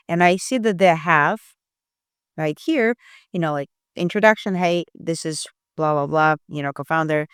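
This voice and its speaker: A woman guides beginners through a copywriting example, thinking aloud in a loose, conversational way. Her voice is smooth and clean. She keeps checking in with listeners as she goes, and the recording is dry and close with no room sound. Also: lowish voice, no room sound. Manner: chatty, checks in with frequent "right?" and "you know"; thinks aloud while analyzing text. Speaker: copywriting instructor. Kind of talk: casual screen-share walkthrough.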